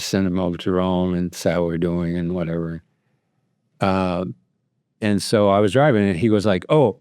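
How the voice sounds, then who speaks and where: A man's voice: sits low, a little mellow, dry recording, clean studio sound. A middle-aged man, a priest, telling a personal story at a luncheon in a rambling, anecdotal way with many fillers and restarts. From United States. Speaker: priest and guest speaker.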